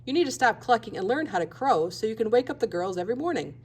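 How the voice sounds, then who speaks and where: A no-nonsense female farm cat from a picture book, as a woman reads her lines. She talks in a lively, lilting way, with a slightly husky edge to her voice. She lays down the facts firmly and plainly. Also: a little high, quick pace.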